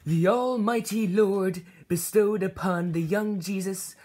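A woman voicing a male bird pastor, preaching slowly and solemnly in a mock sermon. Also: mid-range voice, a little mellow, breathy edge.

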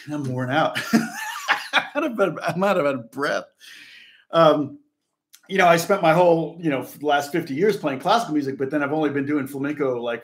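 Chatty older man teaching guitar. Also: on the high side. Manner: rambling, chatty, answers viewers' comments. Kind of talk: casual live-streamed guitar lesson. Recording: echoey room with guitar playing.

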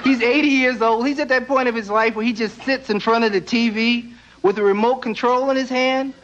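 A young man doing stand-up comedy with wry, deadpan asides, acting out the people he talks about. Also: very high voice, fairly quick. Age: young adult. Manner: wry, deadpan asides, acts out quoted characters. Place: stage before a live audience. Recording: dull lo-fi TV broadcast, loud crowd and noise.

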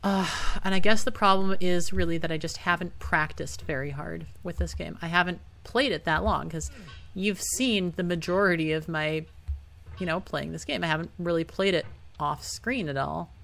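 A woman's voice: on the low side, normal speed, vocal fry, a bit bright. A young woman playing a hard computer game and talking casually through it, often frustrated and swearing. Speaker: gaming YouTuber. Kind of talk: casual let's-play commentary.

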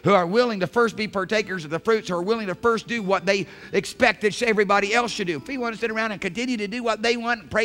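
A male pastor preaching a sermon in church, swinging from hushed, intimate phrases to shouted emphasis. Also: high-pitched, quick pace, few pauses, soft background music. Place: church sanctuary.

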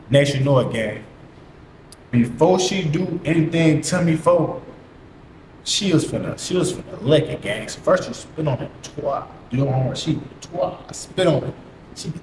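A young man telling a story in a casual, slangy, profane monologue full of repeated catchphrases. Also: on the high side. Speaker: vlogger. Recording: echoey room, faint hiss.

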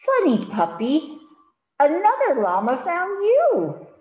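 A woman voicing a cheerful little girl on a farm, with bright, sing-song coaxing. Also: high voice, huge pitch swings, takes it slowly, roomy sound, dull audio, pitched above the performer's own voice, heavily acted.

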